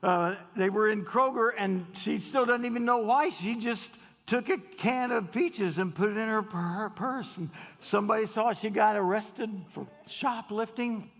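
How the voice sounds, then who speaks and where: A man telling folksy jokes to a gathering, chatty with drawn-out pauses and frequent restarts. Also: high-pitched, fairly bright tone. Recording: long hall reverb.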